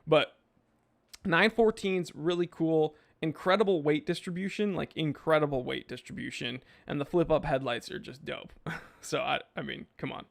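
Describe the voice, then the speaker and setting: A man's voice: on the high side, moderate pace, vocal fry. A man hosting a podcast, reading chat and rambling casually in laid-back slang.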